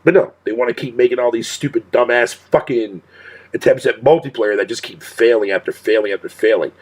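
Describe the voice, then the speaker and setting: A man's voice: medium pitch, fairly quick, darkish tone. A male streamer talking casually to his chat in a profane rant, swearing constantly and laughing often.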